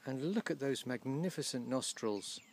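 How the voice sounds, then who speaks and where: A man giving casual, gently humorous commentary outdoors by a field, slowly explaining English words as he films. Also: mid-range voice, expressive. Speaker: vlogger teaching English.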